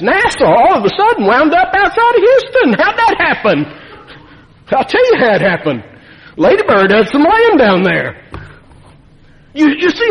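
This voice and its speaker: A man preaching a sermon in a folksy, animated way, with asides to his congregation. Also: very high voice. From Nevada. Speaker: pastor. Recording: long reverb of a church hall.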